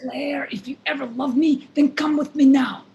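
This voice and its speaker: A lisping, limping masked man, as a woman puts him on, urgent and evasive. He often drops to a whisper and pleads with a slightly high voice. A live play reading over a video call. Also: animated, measured pace, echoey room, muffled recording. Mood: pleading. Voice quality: lisp.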